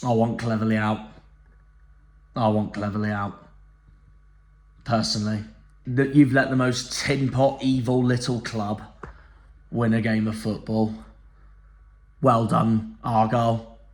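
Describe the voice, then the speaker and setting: A man's voice: fairly low pitch, fairly even intonation, unhurried, long pauses, a little mellow. A man with a Cornish accent, a football fan vlogger, giving a furious, sweary post-match rant. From Cornwall. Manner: furious, sweary, repetitive ranting.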